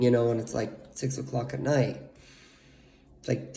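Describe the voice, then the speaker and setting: A man's voice: mid-range voice, fairly even intonation, measured pace, vocal fry, darkish tone, roomy sound. A young man speaking candidly and emotionally to camera in a confessional monologue, blunt and full of swearing. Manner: candid, profane, emotionally raw. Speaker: vlogger.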